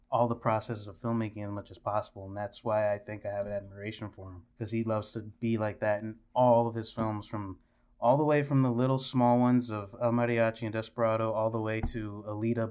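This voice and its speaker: A man's voice: lowish voice, level tone, fairly quick, a little mellow, smooth. A man chatting as a guest on a film podcast, rambling and hedging with lots of fillers. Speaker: guest filmmaker. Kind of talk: casual podcast chat.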